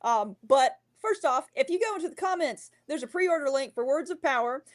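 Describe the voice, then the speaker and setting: A woman's voice: sits high, animated, brisk. A woman hosting a podcast interview, chatting casually and announcing a giveaway. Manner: friendly, chatty, gives frequent short backchannel replies. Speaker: podcast host.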